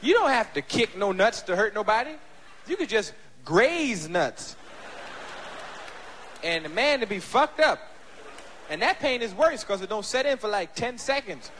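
A man doing a stand-up comedy routine on stage before a live audience, brash, profane and animated. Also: high voice, unhurried, long pauses, big-room sound, slight background noise.

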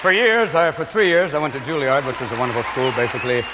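A man doing live stand-up comedy, jumping manically between bits and quick character voices. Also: medium pitch, very animated, background noise. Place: large live venue with audience. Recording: live hall recording with crowd laughter.

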